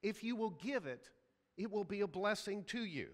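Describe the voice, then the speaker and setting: A man's voice: high voice, animated, normal speed, big-room sound. A man preaching a sermon as a pastor, telling a story and acting out the people in it. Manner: storytelling, acts out quoted voices. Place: church sanctuary.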